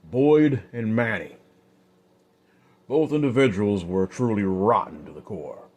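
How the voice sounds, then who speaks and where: A man narrating an old-west story in a slow, unhurried, casual way. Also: fairly low pitch, a little mellow.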